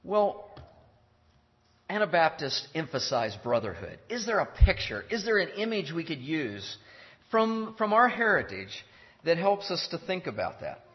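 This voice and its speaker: A man preaching a sermon in an earnest, deliberate way, repeating his key phrases. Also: a little high, very animated. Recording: dull lo-fi sound in a reverberant hall.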